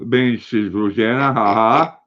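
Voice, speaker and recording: A man's voice: fairly low pitch, a little slow, lo-fi sound. An older man hosting a casual livestream, chatting and reading viewer comments aloud while talking to his dog. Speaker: livestream host.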